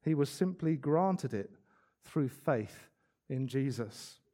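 A man preaching a sermon, earnest, slowing down to stress key words and adding light asides. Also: medium pitch, animated, mellow.

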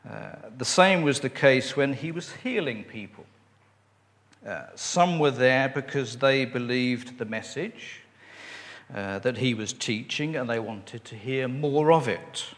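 A man preaching a sermon and reading scripture, unhurried, with fillers and friendly asides. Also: medium pitch, fairly bright tone, long reverb tail. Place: church.

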